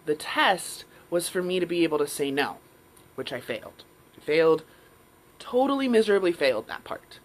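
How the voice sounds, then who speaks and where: A woman's voice: sits low, slight background noise, poor audio. Frank, swearing woman hosting a live stream. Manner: frank, profane, acts out her inner voices. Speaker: live show host. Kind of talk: candid live-stream monologue.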